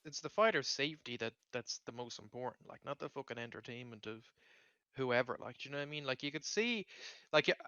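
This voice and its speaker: Bright-voiced man chatting casually. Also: mid-range voice, expressive, brisk, clear, resonant tone, dry recording, dull audio. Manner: swearing, rambling, heavy on fillers. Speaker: podcast host. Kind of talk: casual chat.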